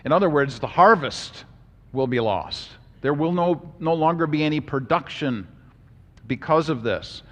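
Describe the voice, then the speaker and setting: Man, bible class lecture, slightly high voice, animated and emphatic, long hall echo. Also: a little slow. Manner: animated, emphatic, joking asides. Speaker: Bible teacher.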